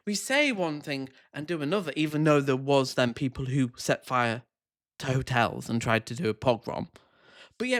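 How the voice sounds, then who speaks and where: A man's voice: on the high side, very animated, normal speed. A man doing scornful, exasperated reaction commentary, swearing freely.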